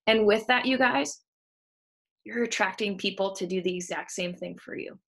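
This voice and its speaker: Speaking at a normal speed in a mid-range voice, the coaching team's leader hypes up her team on a motivational call, cursing freely as she cheers them on. She's in a room at home with the window open.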